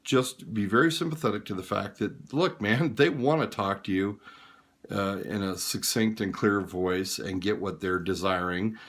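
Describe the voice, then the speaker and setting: A man with a lowish voice talks informally and frankly, giving practical advice as if across a table. He is tired late at night but keeps a plain, direct manner. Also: moderate pace. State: tired and yawning. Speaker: hospice care advisor.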